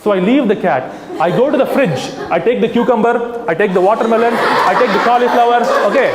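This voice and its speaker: A man, an animal rights activist, giving an animated talk to a live audience and addressing them directly. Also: very high-pitched, fairly quick, hardly any pauses, a crowd in the background. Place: hall with an audience. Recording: echoey hall, faint ambience.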